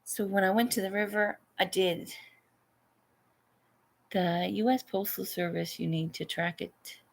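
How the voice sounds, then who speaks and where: Brief: Canadian woman artist vlogger, mid pitch, slow easy pace, chatty and blunt. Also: vocal fry. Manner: chatty, venting, swears freely. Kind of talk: casual chat.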